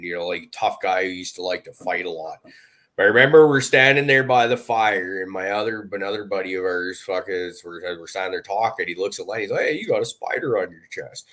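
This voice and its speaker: Low-voiced man spinning animated stories. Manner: animated, profane storyteller. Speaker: podcast panelist. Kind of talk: casual chat.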